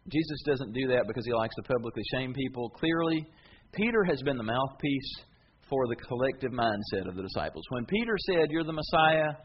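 A man's voice: medium pitch, muffled recording, slight background noise. A man pastor preaching a sermon, retelling scenes in a colloquial, dramatic storytelling way.

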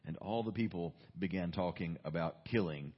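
Husky low-voiced male preacher. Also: normal speed. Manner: animated storytelling, reading Scripture aloud. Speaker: pastor. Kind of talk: sermon. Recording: dull lo-fi recording.

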